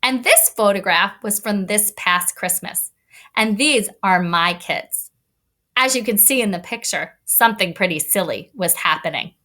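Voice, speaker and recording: A woman teacher giving an online read-aloud lesson to young children, talking in an expressive, kid-directed way. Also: medium pitch, a little slow. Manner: animated, expressive teacher voice addressing kids. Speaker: elementary school teacher.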